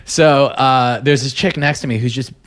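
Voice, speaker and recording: Guy rambling thru a story on a podcast, normal pitch, laughing a lot. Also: fairly even intonation, normal speed, fairly bright tone, a little hiss or hum. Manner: rambling, laughing, full of restarts. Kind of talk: casual storytelling chat.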